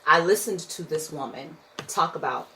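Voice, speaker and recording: A woman co-hosting a casual chat, telling a story about her caregiving work in a measured, dry way. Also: deep voice, sharp tone, a little hiss or hum. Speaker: podcast co-host, caregiver.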